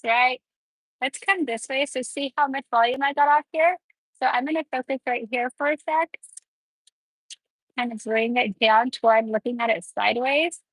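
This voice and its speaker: A woman's voice: high voice, a bit bright, husky, dry recording, poor audio. A woman nail tech running a live tutorial, chatting and explaining each step while she works.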